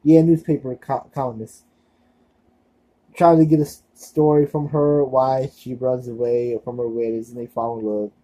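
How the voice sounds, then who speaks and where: A young man talks to his channel in a loose, rambling way. He leans on fillers and self-deprecating asides. His voice is very dark and mellow, with a husky edge. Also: mid-range voice, little pitch movement, normal speed, dull audio. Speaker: vlogger. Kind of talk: casual rambling video monologue.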